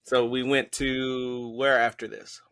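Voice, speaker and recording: A man's voice: mid-range voice, flat delivery, takes it slowly, gravelly, a bit bright, clear, resonant tone. Man co-host, laid-back and slangy, easy joking delivery. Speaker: podcast co-host. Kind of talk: casual chat.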